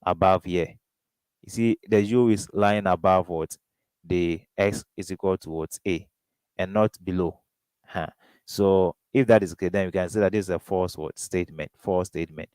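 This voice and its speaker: Brief: Ghanaian male tutor, lowish smooth voice, dry close sound, drills students with prompting questions. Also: fairly even intonation, moderate pace, darkish tone, no room sound, rough recording. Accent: Ghanaian English. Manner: question-and-answer drilling, keeps asking "what?". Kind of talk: exam revision lesson.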